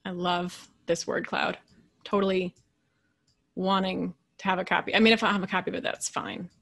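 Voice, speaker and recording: A woman's voice: on the low side, normal speed, gravelly. Chatty woman coach giving a lecture. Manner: animated, chatty, acts out quoted voices; often adds "right?". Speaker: leadership coach and speaker. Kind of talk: casual lecture.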